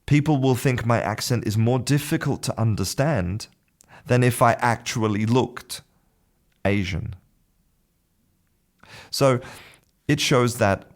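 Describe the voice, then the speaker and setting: Slow, deep-voiced man teaching. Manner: explanatory, repeats words while finding his phrasing. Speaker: podcast host and English teacher. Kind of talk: solo educational podcast talk.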